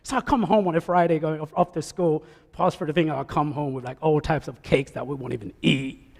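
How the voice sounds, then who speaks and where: A man preaching a sermon in a church, animated, swinging between loud calls and soft asides. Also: a little high, brisk, creaky. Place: church sanctuary. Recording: echoey church hall.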